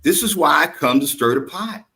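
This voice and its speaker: A man in a casual live-stream debate, talking slowly and rambling, with slightly slurred speech after drinking. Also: a little high, expressive, pushed and bright.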